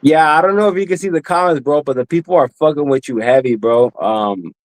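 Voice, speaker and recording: A man hosting a live stream, chatting in a relaxed, slangy way. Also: on the high side, a little fast, no room sound, poor audio. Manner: relaxed, slangy, says bro a lot. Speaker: host. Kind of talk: casual chat. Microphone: live stream call.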